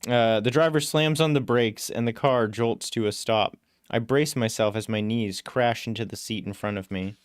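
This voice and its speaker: Man with a smooth, dry voice reading aloud. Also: mid-range voice, normal speed, no room sound. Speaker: story reader. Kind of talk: first-person story narration.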